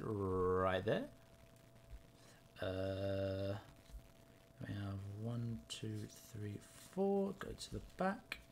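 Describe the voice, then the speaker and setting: A young man chatting casually and excitedly to himself in a card-opening vlog. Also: fairly low pitch, a little hiss or hum. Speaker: YouTuber.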